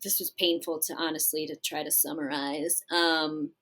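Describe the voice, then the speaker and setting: A woman co-hosting a podcast, retelling a show's scenes in casual chat. She acts out the quoted lines, corrects herself often and keeps clearing her throat. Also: deep voice, flat delivery, normal speed, a bit bright, low-quality recording. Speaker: podcast co-host. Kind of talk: casual episode recap chat.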